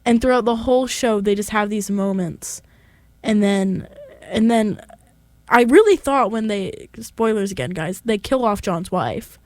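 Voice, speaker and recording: A woman's voice: mid-range voice, measured pace, a little mellow, dry recording. A woman co-hosting a podcast, chatting casually and enthusiastically, rambling with restarts. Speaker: podcast co-host. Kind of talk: casual chat.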